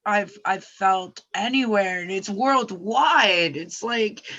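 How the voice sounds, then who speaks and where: A woman's voice: medium pitch, slow pace, fairly bright tone. A woman hosting a casual interview, affirming her guest with enthusiasm. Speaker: podcast host. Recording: dull lo-fi sound.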